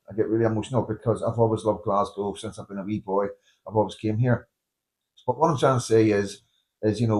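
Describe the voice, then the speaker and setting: A fairly low-voiced man, chatting casually as an interviewer. He sounds earnest and opinionated, stumbling over repeated words as he builds his point. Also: a little mellow. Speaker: host interviewing people in the street.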